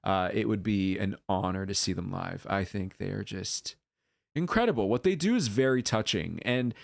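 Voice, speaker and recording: A man reacting to a dance video on his channel, gushing with excited whoops and earnest talk full of ums and uhs. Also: on the low side, moderate pace, vocal fry, dry recording, studio quality. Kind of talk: casual reaction vlog.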